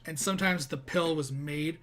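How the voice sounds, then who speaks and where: A man's voice: on the high side, moderate pace, fairly bright tone. A man hosting a reaction video, talking loosely in casual commentary. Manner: chatty, loose, reacts with laughs and short remarks.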